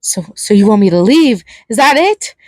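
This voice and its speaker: A woman reading aloud as a volatile male killer clown from a fan fiction story. He stammers, clings and pleads, then slips into manic giggling. The voice sits fairly high and sounds close and dry. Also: expressive, moderate pace, darkish tone, no room sound. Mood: unhinged, clingy.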